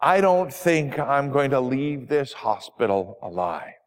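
A man's voice: mid-range voice, sing-song, takes it slowly. A man voicing a frail, dying older woman who complains sharply and bitterly, with a long hall reverb. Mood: upset, bitter.

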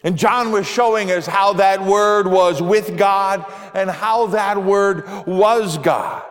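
A male pastor reading the gospel and then giving a gentle, playful children's sermon that swells into emphatic exclamations. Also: high voice, slow pace. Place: church sanctuary. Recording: long church reverb.

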